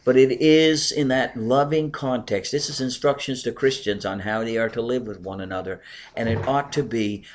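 A middle-aged pastor preaching earnestly to a congregation, pressing his points with emphasis, then dropping to quieter asides. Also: mid-range voice, moderate pace. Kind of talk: sermon with congregation replies.

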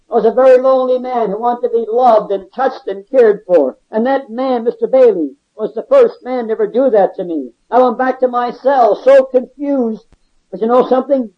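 High-voiced man preaching a fervent testimony. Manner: fervent, repetitive preaching cadence. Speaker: ex-convict evangelist giving testimony. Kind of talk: testimony sermon. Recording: dull lo-fi recording.

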